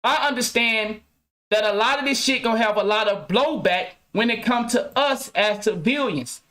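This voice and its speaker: This podcast host speaks at normal speed in a sharp, high-pitched voice, ranting casually to viewers with loose slang, heavy profanity and repeated restarts.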